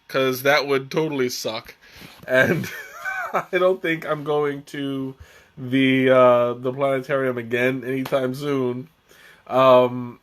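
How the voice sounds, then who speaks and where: Slow-talking man chatting on a live stream. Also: medium pitch. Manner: rambling, chatty, with frequent restarts and chuckles. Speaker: live-stream tea tasting host. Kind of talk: casual live-stream chat.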